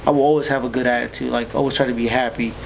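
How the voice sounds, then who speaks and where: A man's voice: mid-range voice, little pitch movement, very fast, gravelly, slight background noise, poor audio. A man talking as a podcast guest in casual chat, easygoing and laughing often.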